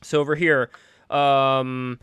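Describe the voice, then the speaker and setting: A man's voice: medium pitch, flat delivery, slow, fairly bright tone, clean tone, no room sound, studio quality. A man hosting a casual online stream, rambling between topics and reading out viewer donations. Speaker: stream host.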